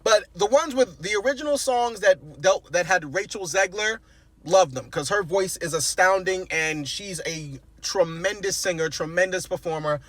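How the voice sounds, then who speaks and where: A young man ranting in a casual movie review, animated, exasperated and profane, sometimes bursting into shouts. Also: sits high, moderate pace, no room sound.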